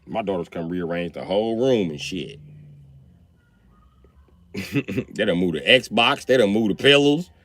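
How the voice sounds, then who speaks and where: A man in his thirties telling comic stories about his kids in an animated, profane way, jumping into high yelps. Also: a little slow, pauses often. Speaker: stand-up comedian. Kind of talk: stand-up storytelling.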